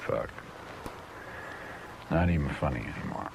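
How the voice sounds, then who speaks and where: In and around a vehicle on a hot set, a short-tempered spokesman shooting a promotional film curses and flusters each time a line escapes him in these outtakes. His very deep voice has vocal fry and big pitch swings, delivered at a measured pace with long pauses and background noise.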